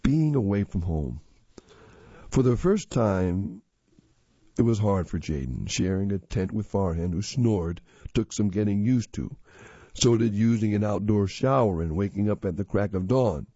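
Guy reading a kids story out loud, lowish voice, steady and expressive, dry kinda lo-fi sound. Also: unhurried, slightly rough, dry recording. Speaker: narrator. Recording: slightly dull lo-fi audio.

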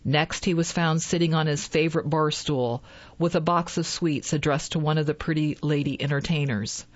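A narrator telling a folk ghost story in a steady storytelling reading. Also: mid-range voice, normal speed. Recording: dull lo-fi with loud music.

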